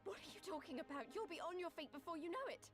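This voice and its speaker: A woman's voice: very high voice, lively intonation, fast talker, over music. An actress playing a determined young female resistance fighter in a video game, earnest and pleading. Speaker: game character.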